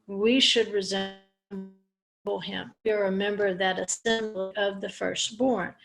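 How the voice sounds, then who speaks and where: A woman's voice: mid-range voice, fairly even intonation, measured pace, creaky, a bit bright, soft background music. A woman teaching a Torah portion lesson, explaining Hebrew words step by step with small restarts. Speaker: Bible teacher.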